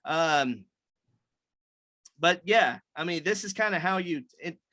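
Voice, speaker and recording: A man's voice: fairly high pitch, lively intonation, slow, sharp tone, no room sound. A man leading a writers' meeting on a video call, explaining things loosely with many fillers and restarts.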